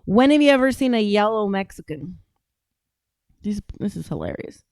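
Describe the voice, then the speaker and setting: A woman's voice: mid-range voice, animated, moderate pace, a little mellow, dry recording. Brash, foul-mouthed American woman streamer. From United States. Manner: brash, profane and combative, often laughing. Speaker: reaction streamer reading chat. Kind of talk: casual reaction stream chat.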